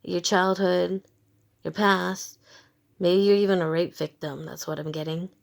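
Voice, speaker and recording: A tarot reader with a gravelly, lowish voice speaks a little slowly with fairly even intonation. She gives her viewers a casual reading, frank and emphatic, swearing freely and repeating short phrases.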